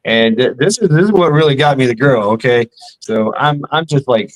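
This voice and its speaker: A man's voice: mid-range voice, moderate pace, low-quality recording. A middle-aged man telling casual stories in a rambling, profane way, acting out the lines of the people in them. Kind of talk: casual storytelling.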